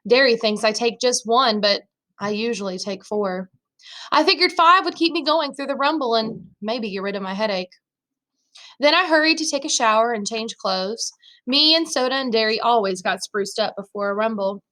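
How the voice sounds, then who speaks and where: Woman teacher reading a novel aloud, bright, somewhat high voice. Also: moderate pace. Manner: first-person narration with dialogue voiced in her own voice.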